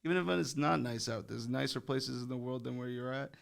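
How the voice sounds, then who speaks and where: A young man with a gravelly, fry-laced voice rambles through a story on a podcast. He leans on fillers and swears casually, at an ordinary mid pitch. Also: fairly quick. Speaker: podcast guest.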